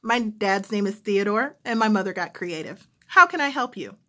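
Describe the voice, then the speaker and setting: A woman's voice: medium pitch, lively intonation, moderate pace, fairly bright tone, natural voice. A woman voicing her own cheerful, smiling phone voice as a polite call center representative, with a General American accent. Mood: chipper, polite.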